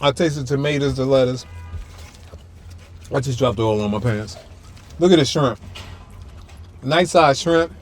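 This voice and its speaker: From the back seat of a parked car, a food vlogger hosts a casual tasting video, chatting to viewers as he chews and hums approvingly. His medium-pitched voice is a little slow with frequent pauses, picked up by a camera-mounted mic set a little far off, with faint music behind.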